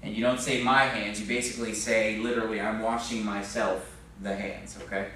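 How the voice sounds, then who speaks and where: In a church classroom, a man teaches Spanish, explaining patiently, asking the class questions and often saying "okay?". His voice is lowish, flat in pitch, a little fast and sharp, recorded from far off in a very echoey room with slight background noise.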